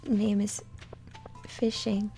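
A woman hosting a soft-spoken ASMR gaming chat, gentle and apologetic, often slipping into whispers. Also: mid-range voice, level tone, drawn-out words, soft background music. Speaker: ASMR host.

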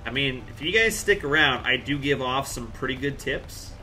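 A man's voice: mid-range voice, lively intonation, normal speed, bright, forceful tone, soft background music. A man from Central Alberta chatting casually on a live game stream, answering chat with jokey asides. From Central Alberta, Canada. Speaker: game livestreamer.

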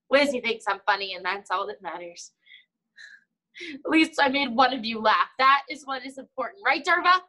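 A woman's voice: on the high side, animated, measured pace, pauses often, sharp tone. A woman teaching a martial arts class for children over a video call, upbeat and teasing.

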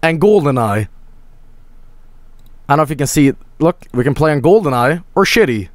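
Streamer, male, a bit high-pitched, crude joking rambles, dry close sound. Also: lively intonation, normal speed, dry recording. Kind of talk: casual gameplay commentary.

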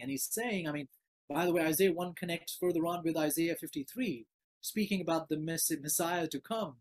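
A man preaching a sermon, earnest and given to repeating words as he builds a point, dropping soft and low when he quotes God. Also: fairly quick.

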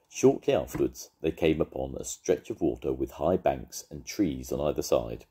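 An older man, a grandfather, reading a children's story aloud in a lively, expressive way. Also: extremely low pitch, normal speed, hardly any pauses, slightly rough.

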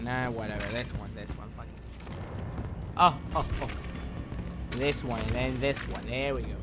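Music plays loudly behind a man who is live-streaming a horror game. A native Spanish speaker, he gets excitable and swears, veering between loud bursts and low muttering.

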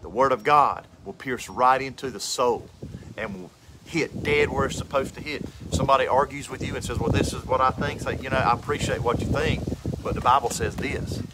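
A man's voice: mid-range voice, fairly quick, background noise. A man preaching with fervor, repeating phrases and building to emphatic peaks. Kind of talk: impassioned outdoor sermon.

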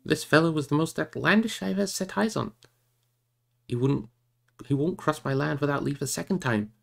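A man's voice: fairly high pitch, normal speed, vocal fry, fairly bright tone, soft background music. A man voicing a stout, blustering hobbit farmer in a hearty, rustic manner for a storybook reading. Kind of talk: storybook character voice.

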